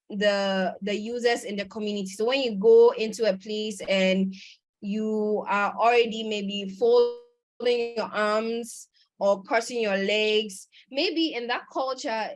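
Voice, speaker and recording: A woman presenting a conference lecture over a video call, talking in a conversational way with fillers and restarts. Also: mid-range voice.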